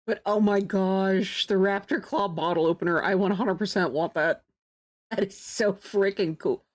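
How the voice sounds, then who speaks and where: A female streamer offers laid-back commentary on her gameplay, her voice sitting at a medium pitch. She gets excited easily, laughs often, and stretches her exclamations out.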